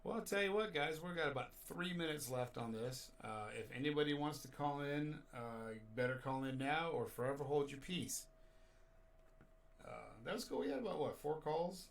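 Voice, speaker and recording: A man's voice: a little high, expressive, normal speed, recorded from a distance, a little hiss or hum. A man hosting a casual show, telling rambling stories and chuckling along. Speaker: show host. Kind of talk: casual radio show chat.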